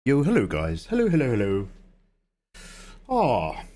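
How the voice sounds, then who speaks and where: Lively, rambling man chatting on stream. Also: mid-range voice, moderate pace. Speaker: livestream artist host. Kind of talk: casual livestream chat.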